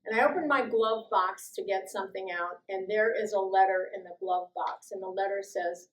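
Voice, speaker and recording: An older woman from the US East Coast telling personal stories to an audience, lively and quick to act out other voices. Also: mid-range voice, poor audio. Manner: lively, acts out quoted voices, laughs often. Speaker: guest speaker sharing life stories. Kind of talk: personal storytelling talk.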